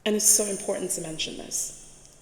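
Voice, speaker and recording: A woman giving a casual spoken reflection, slow and emphatic, repeating key words and checking in with "right?". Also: mid-range voice, fairly even intonation. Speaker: spiritual reflection host. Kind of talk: casual spoken reflection while writing on a board. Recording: echoey room with long reverb.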